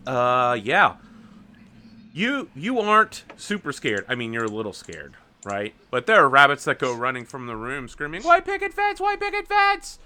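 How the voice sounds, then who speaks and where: A man running a tabletop roleplaying game as game master, narrating playfully with quick asides. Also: medium pitch, expressive, sharp tone.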